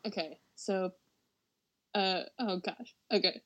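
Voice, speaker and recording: A woman's voice: mid-range voice, a little slow, a bit bright, dull audio, slight background noise. Chatty woman podcast host. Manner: chatty, laughs often, frequent "like". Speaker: podcast co-host presenting a topic. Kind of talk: casual podcast chat.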